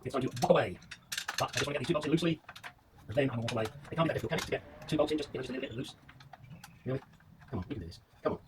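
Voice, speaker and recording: This motorcycle restoration vlogger speaks very fast in a medium pitch, pausing often, as he works on a bike in his home garage. He mutters, swears and explains the job to viewers in casual workshop commentary against background noise.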